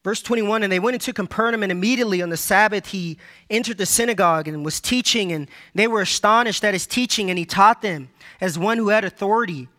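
Male preacher, emphatic sermon delivery, high-pitched and bright-toned. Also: fast. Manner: emphatic, repeats key phrases for stress; addresses congregation directly, reads scripture aloud.

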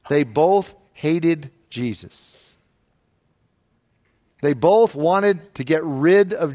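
Emphatic high-voiced male preacher. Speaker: pastor. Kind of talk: expository sermon.

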